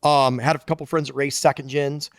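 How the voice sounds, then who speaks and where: A man's voice: medium pitch, little pitch movement, brisk, no echo, studio quality. A man talking as a podcast guest, a loose storyteller who swears casually. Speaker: guest engineer and shop founder.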